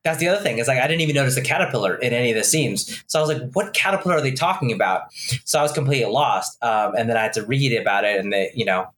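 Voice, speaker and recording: Bright sounding guy chatting about movies, kinda hesitant, asks a lot of questions. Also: mid-range voice, very fast, few pauses, a little hiss or hum. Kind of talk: casual chat.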